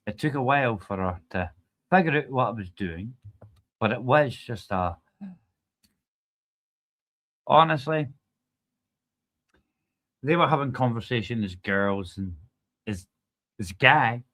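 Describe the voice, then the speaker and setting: A Scottish man talking on his live stream, rambling from one point to the next with plenty of swearing. His pitch sits in the middle of the range, and he drags his words out at an unhurried, slow pace. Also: expressive, a bit bright. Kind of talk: casual stream commentary.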